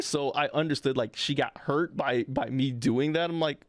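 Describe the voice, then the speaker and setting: A man's voice: medium pitch, normal speed, hardly any pauses, no echo. Dry-voiced man telling a story. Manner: acts out the people in his stories. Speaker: podcast co-host. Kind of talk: casual anecdote telling.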